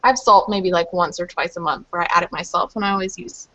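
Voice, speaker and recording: A woman's voice: on the low side, fast talker, sharp tone, muffled recording. A woman from Louisville chatting casually on a group video call, rambling with lots of fillers. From Louisville, Kentucky. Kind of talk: casual chat.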